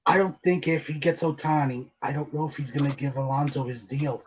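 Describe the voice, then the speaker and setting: A man talking sports on a live stream in an excitable casual way, with some swearing. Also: a little high, brisk.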